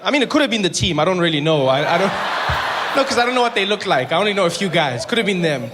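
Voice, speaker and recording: A young South African man doing a stand-up comedy set, telling stories in an animated way and jumping into high mock outrage. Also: quick pace, noisy background. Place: comedy stage before a live audience.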